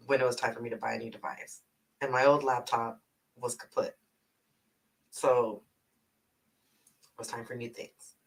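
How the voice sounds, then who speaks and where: A rambling streamer with a Houston Texan twang talks loosely, peppering every thought with 'like' and easy curses. The voice is bright and sits a little back from a laptop mic at home. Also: medium pitch, creaky, recorded from a distance, rough recording. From north side of Houston, Texas. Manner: rambling, full of 'like', swears freely, laughs often. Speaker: livestreamer and travel agent. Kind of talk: casual livestream chat.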